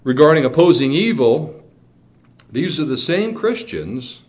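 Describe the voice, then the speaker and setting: A man's voice: a little high, big pitch swings, a little slow, darkish tone, dull audio. A man preaching a sermon in an earnest, emphatic way, with fillers and restarts.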